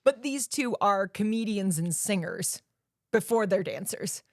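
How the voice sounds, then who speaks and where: A woman co-hosting a podcast, chatting about a film in a lively, emphatic way and laughing often. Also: mid-range voice, dry recording, clean studio sound. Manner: animated, emphatic, quick to laugh. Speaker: podcast co-host. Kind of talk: casual movie chat.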